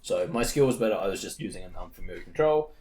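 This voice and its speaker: A man's voice: deep voice, lively intonation, fast, darkish tone. A young Australian man on a casual podcast, rambling through a gaming story full of swearing and acted-out quotes. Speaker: podcast co-host. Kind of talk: casual chat.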